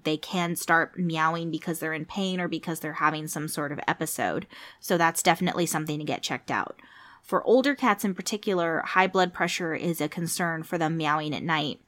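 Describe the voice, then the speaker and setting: A woman's voice: on the low side, fairly bright tone. A woman who works at a cat hospital, hosting a podcast and chatting informally through pet questions. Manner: chatty, explanatory, with fillers and asides. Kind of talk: casual informational podcast monologue.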